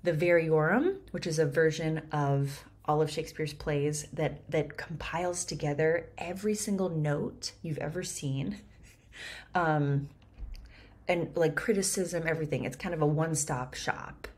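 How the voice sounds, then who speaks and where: A woman and actor explaining a Shakespeare scene line by line, lively and chatty with quick laughs. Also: sits low.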